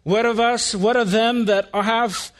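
Man, pastor, sermon, slow measured delivery, emphatic repetition. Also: high voice, steady tone. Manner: slow, deliberate Bible exposition with emphatic repetition.

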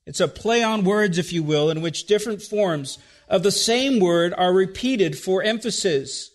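A man's voice: sits high, unhurried. A man preaching an expository sermon, explaining words in a teacherly way with dry asides and frequent checks of "okay?". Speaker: pastor.

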